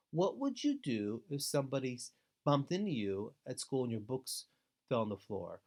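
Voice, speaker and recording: A man's voice: mid-range voice, big pitch swings, vocal fry, a little mellow. Earnest man giving foster care advice. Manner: earnest, deliberate, advising. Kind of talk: instructional webinar talk.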